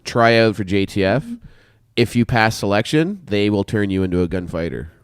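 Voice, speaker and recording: A man's voice: on the low side, moderate pace, clean tone, no room sound, clean studio sound. A Canadian man hosting a podcast, telling rambling, profane stories in casual chat, drifting into asides. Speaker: podcast host.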